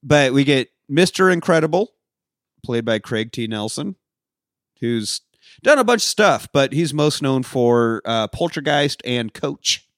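A man's voice: medium pitch, expressive, unhurried, a bit bright, no room sound, studio quality. A man hosting a casual movie-review podcast, talking loosely and swearing and laughing often. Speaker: podcast co-host.

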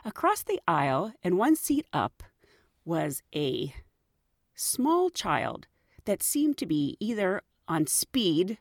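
Casting: middle-aged woman podcast host, animated, laughs a lot, very lively up and down, dry close mic. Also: medium pitch, no echo. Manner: chatty, laughs often, animated. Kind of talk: storytelling podcast.

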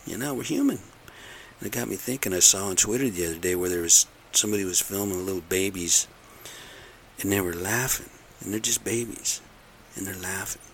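Middle-aged man, very low voice, blunt aggrieved rambling monologue to camera. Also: a little fast, creaky, a bit bright, slight background noise. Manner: aggrieved, blunt, repetitive ranting.

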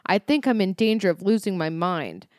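A woman's voice: medium pitch, animated, normal speed, a little mellow, no echo, studio quality, lightly acted. A woman voicing a lovesick young male hero who is under a potion, with an earnest, melodramatic delivery in her own voice. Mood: pleading. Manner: earnest, melodramatic read-aloud.

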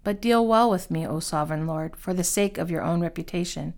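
A woman reading Bible passages aloud in a steady, expressive way, lifting her voice for quoted speech. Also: on the low side, brisk. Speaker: Bible reader. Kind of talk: scripture reading.

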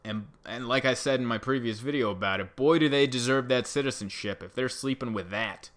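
Male comic, mid-pitched, riffs sarcastically in a loose, rambling vlog monologue. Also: a little fast, a bit bright. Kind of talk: casual comedic monologue to camera.

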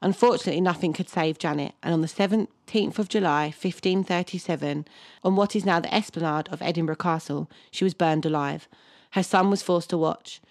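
Woman, podcast co-host, low voice, reading history from a script, dry close mic. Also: a little fast, dry recording. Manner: reads from a script, laughs often, unsure of place names. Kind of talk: reading a history story with casual banter.

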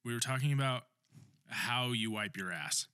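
A man's voice: medium pitch, sharp tone, smooth, no echo, studio quality. A man co-hosting a podcast, telling a funny story in casual chat and laughing as he goes. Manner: laughing storyteller, rushed bursts. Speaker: podcast co-host.

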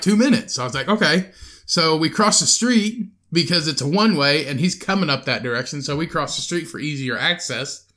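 A young man co-hosting a podcast, telling a profane, animated story in casual chat and acting out the quotes. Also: fairly high pitch. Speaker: podcast co-host.

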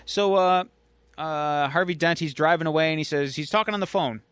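Clear-voiced man recapping a story. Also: on the high side, fairly quick, a bit bright, no room sound. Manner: chatty storyteller, acting out quotes. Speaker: podcast co-host. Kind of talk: casual recap of a comic story.

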